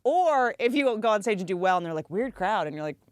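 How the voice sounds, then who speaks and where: A woman's voice: mid-range voice, sing-song, dry recording. Playful woman podcast host, dry close mic. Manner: quick, playful banter, acts out quotes. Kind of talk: casual podcast chat.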